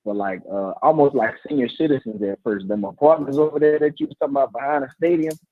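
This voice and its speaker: A man in his thirties chats loosely with a co-host, slipping into playful voices whenever he quotes someone. The sound is dry and a bit dull, with no room around it. He keeps a steady middle pitch. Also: fast talker, dry recording. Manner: animated storytelling, slangy, acts out quotes. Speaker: podcast co-host, teacher. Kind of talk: casual chat.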